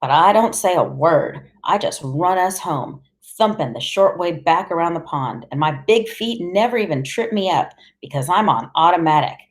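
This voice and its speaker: A woman narrating an audiobook in the first person, with a deadpan, wry delivery. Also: lowish voice, moderate pace, few pauses.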